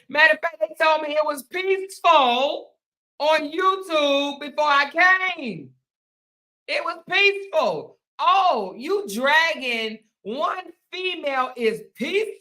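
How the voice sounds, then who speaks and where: Woman going off on a rant, aave, mocking and emphatic, bright higher voice. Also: lively intonation, unhurried. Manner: sarcastic, repetitive, mocking, emphatic. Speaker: commentary channel host. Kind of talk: ranting commentary monologue.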